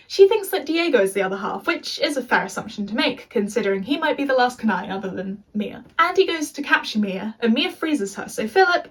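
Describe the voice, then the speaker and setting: A woman's voice: a little high, breathy edge, distant mic, low-quality recording. A young English woman recapping a TV show in a casual, chatty rant with sarcastic asides. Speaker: video essayist.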